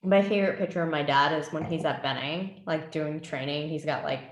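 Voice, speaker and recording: A woman's voice: deep voice, a little fast, muffled recording. A woman in her thirties, a former communications advisor, chatting as a podcast guest and laughing easily as she talks. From US military family. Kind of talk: casual chat. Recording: echoey room.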